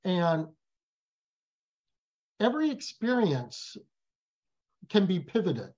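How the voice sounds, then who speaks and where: A man speaks as a guest in a casual interview. He tells stories with animated emphasis. His audio sounds a little dull and muffled. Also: high voice, takes it slowly, slightly rough. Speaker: guest, business professor.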